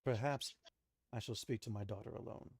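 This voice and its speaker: A man's voice: lowish voice, moderate pace, husky, no echo, studio quality. A man voicing a stern, formal king and father who gives orders. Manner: formal and commanding.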